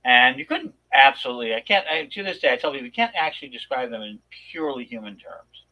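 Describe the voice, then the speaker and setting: A man on a talk show telling a long personal story in a rambling, animated way, with many restarts. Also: a little high, fast, vocal fry, rough recording. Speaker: podcast co-host. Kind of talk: casual storytelling chat.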